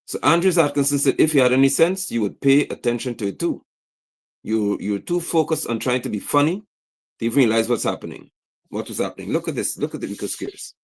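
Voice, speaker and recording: A man's voice: mid-range voice, expressive, fairly quick. A man giving livestream political commentary, indignantly reading posts aloud and firing off rhetorical questions. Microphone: streaming setup mic.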